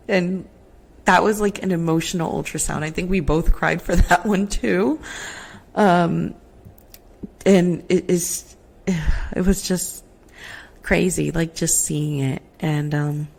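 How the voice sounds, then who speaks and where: A woman's voice: on the low side, creaky, a little mellow. A young woman hosting a podcast, telling her own story in a casual, emotional way with lots of fillers, recorded on a laptop mic at home. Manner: emotional, chatty, many fillers and "like". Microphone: laptop microphone.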